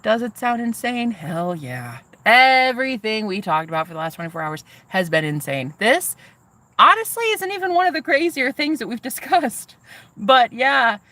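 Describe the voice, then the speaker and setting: A woman telling a story to her viewers in a casual vlog, excitable and swearing freely as she talks straight to them. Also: on the high side, moderate pace, no echo. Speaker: vlogger.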